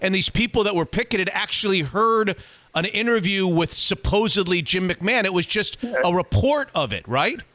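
A man's voice: high voice, expressive, normal speed, bright, forceful tone, no room sound. A man hosting an interview, asking questions with eager reactions. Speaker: host.

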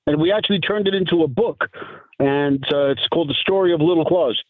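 A man's voice: fairly high pitch, fast talker, no room sound. Chatty man on a phone line. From New York. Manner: chatty anecdotal storyteller. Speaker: guest, part-time Santa and lawyer. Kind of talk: phone interview, storytelling.

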